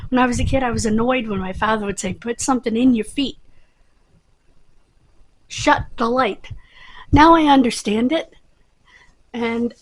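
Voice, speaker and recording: Middle-aged woman host, husky and a little high-pitched, loose and rambling to camera. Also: poor audio. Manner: rambling, chatty, with many fillers. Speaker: channel host. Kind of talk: casual chat to camera.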